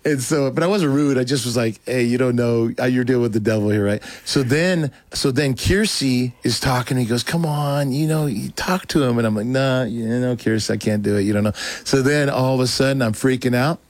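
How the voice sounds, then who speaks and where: A man telling a personal testimony as a talk show guest, rambling and excitable, acting out what others said. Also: a little fast, hardly any pauses, no room sound. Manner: rambling, excitable, acts out quotes in a higher voice. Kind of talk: casual storytelling.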